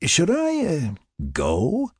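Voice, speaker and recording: Grinning, teasing young man, lifted a bit, as a man does him in a storybook reading; husky tone. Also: high voice, wildly swooping pitch, extremely slow, darkish tone, no echo, clean studio sound, pitched above the performer's own voice, exaggerated voice. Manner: teasing, playful.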